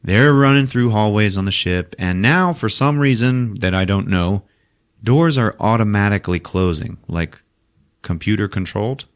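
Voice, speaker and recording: A man hosting a podcast, retelling a movie in a profane, animated way. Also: fairly low pitch, moderate pace. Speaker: podcast host. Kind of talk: casual movie recap. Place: podcast studio.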